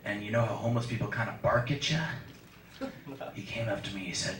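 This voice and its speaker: A young man doing a stand-up set in a small comedy café, with a deadpan, slow and awkward delivery. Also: on the low side, a little hiss or hum. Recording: roomy club sound from far off, audience.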